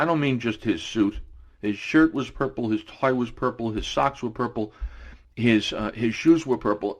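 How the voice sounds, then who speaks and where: A man in his forties telling casual anecdotes on radio, rambling with many fillers and restarts. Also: medium pitch. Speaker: radio guest storyteller.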